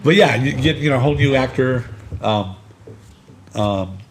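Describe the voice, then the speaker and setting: A man's voice: medium pitch, moderate pace, crowd noise. A man who created the comic, chatting casually and rambling as he comments on the film. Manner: laid-back, rambling, trailing off. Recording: faint background noise.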